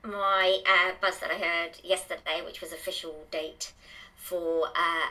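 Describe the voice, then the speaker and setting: A woman's voice: lowish voice, fairly even intonation, a little slow, sharp tone, poor audio. A woman co-hosting a local podcast, chatty and gushing, laughing easily. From England. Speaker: co-host. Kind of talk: casual chat.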